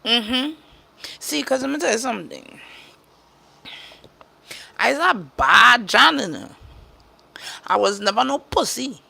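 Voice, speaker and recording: Trinidadian lady on a live stream going off, crisp edgy tone, swearing and hammering each point twice. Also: fairly high pitch, expressive, takes it slowly, pauses often, bright, forceful tone. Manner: blunt, profane, emphatic, repeats herself. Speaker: caregiver. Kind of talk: casual livestream rant.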